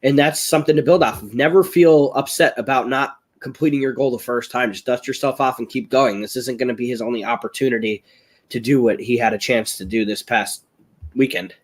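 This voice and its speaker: On a live video call picked up by webcam, an American guest known as a chili-eating champion tells stories while recovering from illness, his voice strained. He talks at medium pitch and fairly quickly in this casual stream chat, rambling with excitement and raising his voice as he recounts events.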